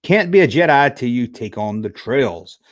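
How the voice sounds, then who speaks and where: A man's voice: mid-range voice, moderate pace. A man hosting a casual livestream, reading chat and joking around, yawning now and then. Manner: chatty, joking, animated retellings. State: sleepy, yawning. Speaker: YouTube host reading live chat.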